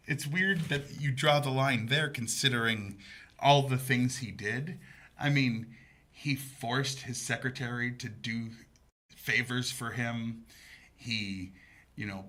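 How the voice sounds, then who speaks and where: A man co-hosts a casual movie chat on community TV, bright and forward in tone. He talks in an animated, joking way and laughs a lot. His pitch sits in the middle range. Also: slow. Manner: animated, laughs often, mocking humor. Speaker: co-host of a movie review show. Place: community TV studio.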